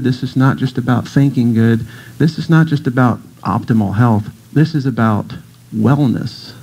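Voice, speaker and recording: Speaking at a moderate pace in a husky, slightly mellow mid-range voice, a middle-aged breathwork teacher addresses a church audience as a guest. His talk is casual and jokey, built on stories in which he acts out voices. The audio in the congregation hall is poor.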